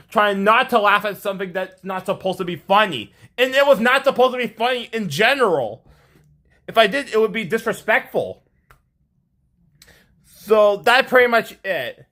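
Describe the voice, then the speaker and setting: A man telling a story to his viewers in a rambling, repetitive way, ending with a moral and a sign-off. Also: very high voice. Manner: rambling, animated, repeats himself. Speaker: vlogger. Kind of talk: casual storytelling to camera.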